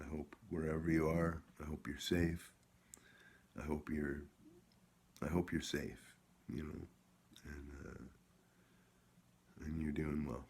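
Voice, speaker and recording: A man's voice: very deep voice, creaky, a little mellow, breathy edge. A man telling a rambling, profane story in a casual vlog, with many restarts. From Canada. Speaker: vlogger.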